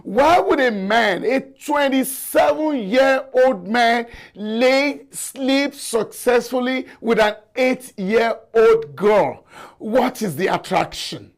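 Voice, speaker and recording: High-voiced, slow, impassioned male host. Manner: impassioned and lecturing; repeats words for emphasis. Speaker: talk show host. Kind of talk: live call-in show monologue.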